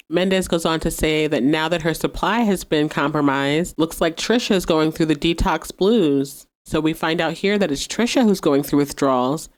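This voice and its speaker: A woman's voice: low-pitched, darkish tone. A woman hosting a podcast, casually recapping a TV episode, chatty and sassy, laughing often. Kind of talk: casual recap with quoted dialogue.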